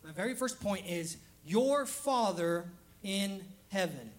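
A high-pitched man preaches in a chatty, animated way. He slips into playful quoted voices and jokes at his own expense. He is a pastor speaking to his church. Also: slow. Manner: conversational, acts out quoted voices, laughs at himself. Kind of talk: lively sermon. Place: church sanctuary.

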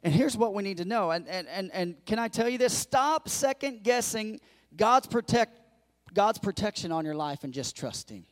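Male pastor, fairly high voice, lively sermon delivery with acted-out quotes and jokes. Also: normal speed. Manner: animated preaching, acts out quotes in raised voice, jokes with congregation. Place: church.

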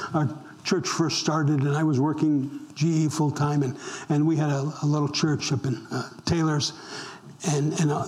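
An older man preaching a sermon to his church, his voice sitting high for a man. He talks in a loose, conversational way and keeps asking the congregation questions as he goes. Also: darkish tone, rough recording. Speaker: pastor.

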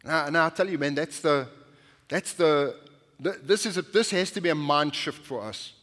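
High-voiced man preaching in a reverberant hall. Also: normal speed, fairly bright tone. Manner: conversational, anecdotal preaching with frequent restarts. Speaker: pastor. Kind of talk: sermon. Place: church sanctuary.

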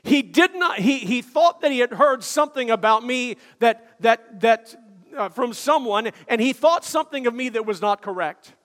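An older male pastor preaching a sermon, telling stories with frequent "uh" fillers and building to shouted emphasis. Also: extremely high pitch, expressive, moderate pace. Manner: storytelling preacher with many "uh" fillers, rising to shouts. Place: church sanctuary. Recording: long hall reverb.

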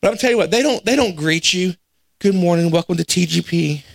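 Animated preacher with a higher voice. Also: male voice, fast talker, vocal fry. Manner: animated, acts out quoted voices, laughs at himself. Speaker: pastor. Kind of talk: storytelling sermon. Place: church sanctuary.

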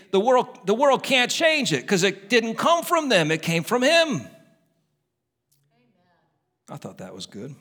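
A middle-aged pastor preaches in an emphatic sermon style, repeating his key phrases. His high voice swings widely in pitch as he plays the voices of complainers. The sound carries the long reverb of a church hall. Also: a bit bright.

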